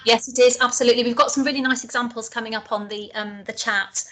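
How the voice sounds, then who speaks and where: Woman, higher bright voice, co-teacher, upbeat, reads out chat answers. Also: steady tone, fast talker. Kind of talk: online teaching session.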